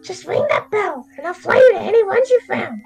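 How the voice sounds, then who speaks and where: Brief: shrieky cocky junior witch, done by a woman, way up high, with a sing-song lilt. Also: very animated, fairly quick, gravelly, music in the background, full character voice. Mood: breezy. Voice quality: shrieky, scratchy. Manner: cocky, chattering. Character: young female junior witch, brash and boastful.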